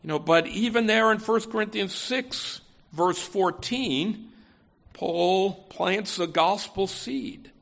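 A man's voice: sits high, takes it slowly, vocal fry, a bit bright. A man preaching an expository sermon. He talks conversationally, often saying "you know" and restarting phrases. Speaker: pastor.

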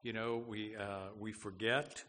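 A male pastor with a lowish, bright, forceful voice preaches earnestly, stumbling through fillers before pressing his points with emphasis. His voice rings with the long reverb of a large church, over a faint hum of background noise. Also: little pitch movement, measured pace. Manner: earnest, with frequent fillers and restarts, rising to emphatic declarations. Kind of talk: sermon.

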